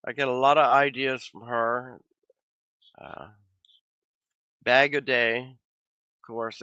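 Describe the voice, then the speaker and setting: A man with a bright, sharp-edged voice, slightly hoarse as if he is losing it, chats casually with his livestream viewers. He rambles easygoingly and circles back on his own sentences. The sound is dry and a little dull, like a modest home setup. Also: mid-range voice, dry recording. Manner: rambling, easygoing, with frequent trailing restarts. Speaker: livestream host. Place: home office.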